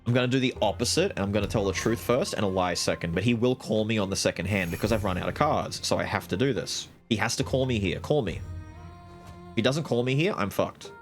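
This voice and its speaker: A man streaming a card game live, narrating his strategy, swearing and trash-talking the other players, with bursts of loud excitement. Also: fairly low pitch, fast, soft background music. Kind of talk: live gaming commentary.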